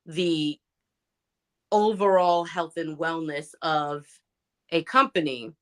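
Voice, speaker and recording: Animated, bright-voiced woman host. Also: low voice, slow pace, clear, resonant tone. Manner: animated, emphatic, many fillers. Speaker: podcast host. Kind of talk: casual motivational talk.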